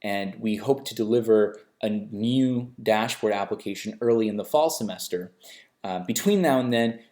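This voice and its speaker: A man with a slightly low voice guides viewers through a web app in a screen-recorded tutorial. He talks casually and often restarts his phrases with little fillers. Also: darkish tone. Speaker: software company representative giving a tutorial. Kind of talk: screen-share tutorial walkthrough.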